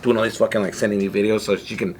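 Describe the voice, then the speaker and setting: A man's voice: lowish voice, fairly even intonation, very fast, slight background noise. A man co-hosting a podcast, telling a story in casual group chat, swearing a lot and acting out the quotes. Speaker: podcast co-host.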